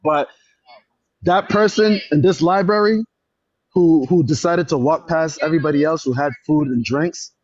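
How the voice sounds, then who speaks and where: A man chats on a phone livestream, his voice a touch higher than most men's. He tells his story animatedly, repeating himself and raising his voice when upset. The sound is dull and dry, with the lo-fi feel of phone audio. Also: normal speed, no room sound. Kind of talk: casual livestream chat. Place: public library.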